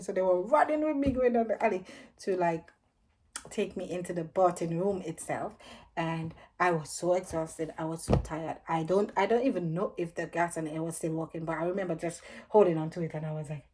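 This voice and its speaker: A woman's voice: on the low side, brisk. A young woman, possibly, casually telling a personal story and acting out what she and others said. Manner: animated retelling, acting out her own cries and others' lines. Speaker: vlogger.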